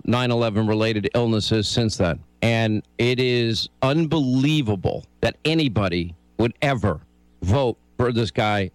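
A man hosting a political radio talk show, giving urgent, forceful commentary. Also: lowish voice, no echo.

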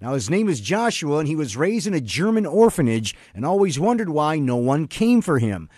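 A man hosting a radio morning show, telling a news story with lively delivery. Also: fairly high pitch, normal speed, breathy edge, dry recording, studio quality.

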